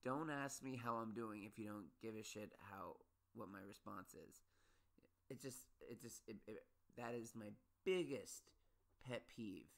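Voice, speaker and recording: A man's voice: fairly low pitch, measured pace, creaky, fairly bright tone. A man hosting a solo podcast, ranting about his pet peeves in a rambling, restless way, with many restarts and sudden exasperated peaks. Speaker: podcast host.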